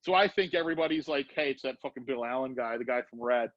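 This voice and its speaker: A middle-aged man, a former BMX rider, telling a profane, animated story as a podcast guest. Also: medium pitch, fast, no room sound. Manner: profane, animated, acts out voices in anecdotes. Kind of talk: casual storytelling. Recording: dull lo-fi podcast audio.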